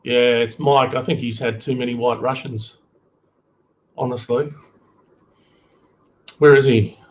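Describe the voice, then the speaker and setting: A man's voice: mid-range voice, steady tone, unhurried, highs cut off. A man joining a livestream by call, joking and teasing the host in casual banter.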